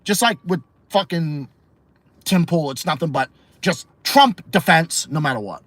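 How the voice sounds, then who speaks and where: A man's voice: on the high side, expressive, a little slow, fairly bright tone, no room sound. A man from Massachusetts with a Massachusetts accent, hosting a livestream podcast and ranting bluntly with heavy swearing while answering chat. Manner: profane, blunt and opinionated. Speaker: podcast host.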